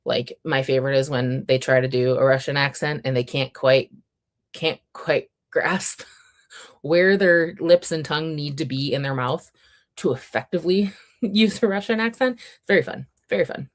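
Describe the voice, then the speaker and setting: This is a woman in her thirties hosting a relaxed reading livestream. She has a low voice and talks in a chatty, wry way, reading out viewer comments and riffing on them. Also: moderate pace. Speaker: readathon livestream host.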